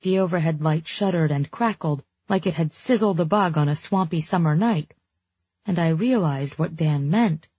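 A woman's voice: sits low, moderate pace, mellow, husky, no room sound. A woman narrating a novel in the first person, with a wry, introspective manner, in a dry and slightly dull recording. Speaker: audiobook narrator.

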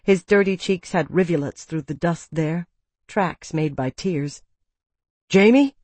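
Audiobook narrator, calm first-person read, dry close booth sound. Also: mid-range voice, unhurried, dry recording.

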